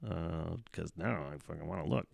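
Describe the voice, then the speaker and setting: A man hosts a casual solo podcast, rambling and swearing a lot, often laughing, sighing, and muttering in exasperation. His deep voice is creaky and darkish in tone, at normal speed.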